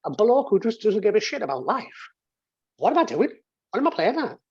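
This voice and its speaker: A man's voice: sits high, sing-song, fairly quick, darkish tone, breathy edge, dry recording, highs cut off. A man in his thirties telling a personal story as an interview guest, rambling with restarts and swearing, on a video call from his home office. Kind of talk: casual storytelling. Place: home office and games room.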